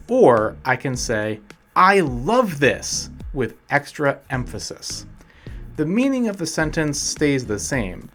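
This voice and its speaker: A man teaching a scripted English lesson as a coach, speaking slowly and deliberately as he reads out example sentences. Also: medium pitch. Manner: slow, deliberate delivery with example sentences read out.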